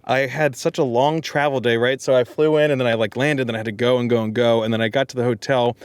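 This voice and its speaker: A man's voice: medium pitch, steady tone, quick pace, clear, resonant tone. A man talks easily and laughs as he shares stories from the road, the way a podcast host does. His voice sits in the middle of the range for a man. The sound is dry and close, with no room echo. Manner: laid-back, chuckling storyteller. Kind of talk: casual chat.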